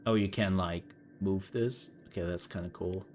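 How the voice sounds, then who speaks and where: A man's voice: low-pitched, steady tone, moderate pace, darkish tone, a little hiss or hum. A young man giving casual, playful let's-play commentary, rambling through jokey reactions as he plays. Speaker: gameplay streamer.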